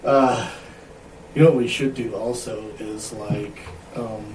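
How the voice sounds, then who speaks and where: A man co-hosting a podcast in casual chat, easygoing and quick to laugh. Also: fairly low pitch, steady tone, a little mellow, a little hiss or hum. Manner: giggly, easygoing, joking. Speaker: podcast co-host. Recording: roomy, distant mic with faint ambience.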